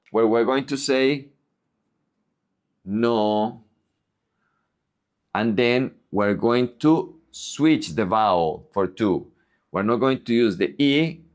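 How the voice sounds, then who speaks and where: A male teacher giving a language lesson at a slow, unhurried pace. He says each example word deliberately and repeats it so learners can follow, with a voice pitched in the ordinary middle range for a man. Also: animated. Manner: slow, deliberate modeling of words. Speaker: Spanish teacher.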